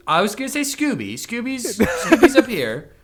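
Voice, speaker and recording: A man hosting a podcast, chatting casually and jokily, now and then breaking into loud mock-panicked shouting. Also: very high-pitched, wildly swooping pitch, moderate pace, a crowd in the background. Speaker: podcast host.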